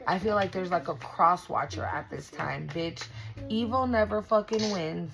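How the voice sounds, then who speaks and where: Gravelly low-voiced woman giving a blunt reading. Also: moderate pace, poor audio. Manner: blunt and profane, swears freely; emphatic and repetitive, restarts often. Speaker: tarot reader. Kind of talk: casual spiritual reading to viewers.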